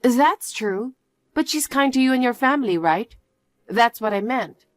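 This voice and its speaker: Storybook lead: woman playing a firm, earnest young fiancée, raised pitch, dry sound. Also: animated, a little slow, no echo. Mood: puzzled. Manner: earnest and questioning. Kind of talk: storybook narration.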